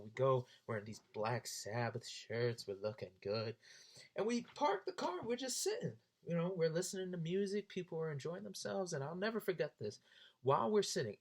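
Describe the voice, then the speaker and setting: A young man telling a story in a casual, animated way, his voice jumping high when he gets excited. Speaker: vlogger.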